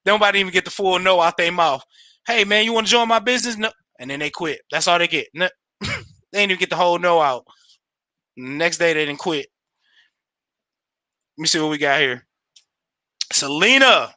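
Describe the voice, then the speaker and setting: A man giving a casual, slangy pep talk on a livestream, animated and laughing often. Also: a little high, normal speed, long pauses, dry recording. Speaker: home business promoter on a livestream.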